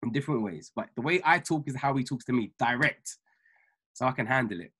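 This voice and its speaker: A man who is an ordained minister, giving a motivational talk on a weekly video call, preachy and emphatic, repeating key lines slowly for notes. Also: mid-range voice, animated, a bit bright, breathy edge. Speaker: ordained minister and trading mentor.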